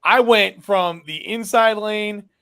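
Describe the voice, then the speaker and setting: A man's voice: sits high, takes it slowly, bright, forceful tone, clear, resonant tone. A man, a business founder and guest, telling a story casually and animatedly, acting out dialogue with lots of fillers.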